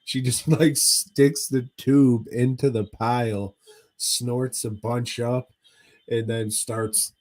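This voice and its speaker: A man's voice: medium pitch, level tone, slow pace, a little mellow. A man co-hosting a podcast, recapping a movie in casual chat as a profane, rambling storyteller. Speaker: podcast co-host.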